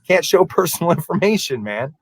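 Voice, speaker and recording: A man, a podcast co-host, telling a story in a casual, animated way and acting out the people in it. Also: fairly high pitch, brisk, breathy edge, no echo, low-quality recording. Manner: animated, acts out quoted voices.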